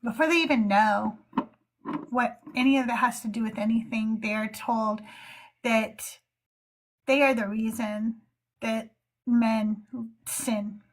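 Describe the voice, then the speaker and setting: Slow, earnest woman host. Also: a little high, steady tone. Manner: slow, earnest, with many fillers. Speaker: host of a live call-in show. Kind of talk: casual livestream talk.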